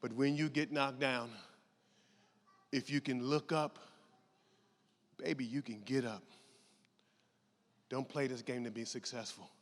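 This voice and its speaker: A man's voice: medium pitch, steady tone, a little slow, long pauses. A man giving a motivational keynote, rallying the audience and leading them in call-and-response. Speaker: keynote speaker. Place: large conference hall. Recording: hall reverb, audience noise.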